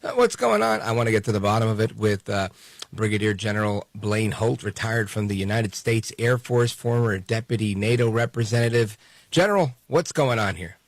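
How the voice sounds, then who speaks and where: A man's voice: fairly low pitch, animated, moderate pace, no echo. A man hosting talk radio, going over the news in a loose, joking way with many fillers.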